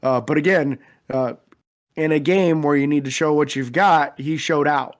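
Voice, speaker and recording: A man's voice: on the high side, fairly even intonation, moderate pace. A man co-hosting a casual sports podcast, methodically breaking down player performances. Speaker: podcast co-host.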